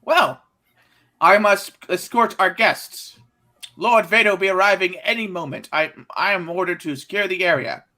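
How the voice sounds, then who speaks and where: A man's voice: high voice, moderate pace, sharp tone, voice pushed up. A man voicing a stiff, dutiful male separatist commando droid with a put-on Russian accent. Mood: stiffly dutiful.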